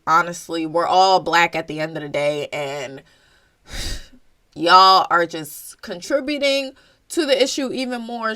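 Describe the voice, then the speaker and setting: A young woman with an American accent and a bright, forceful voice rants bluntly to camera. She stays animated, drops casual swear words and hosts her own commentary show. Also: medium pitch. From United States. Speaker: show host. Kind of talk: opinionated commentary monologue.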